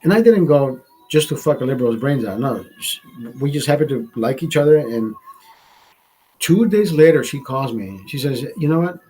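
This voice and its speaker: A man's voice: mid-range voice, expressive, normal speed, darkish tone, husky, poor audio. A man hosting a livestream, telling a story in a heated, profane rant. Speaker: livestream host. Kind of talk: ranting storytime monologue.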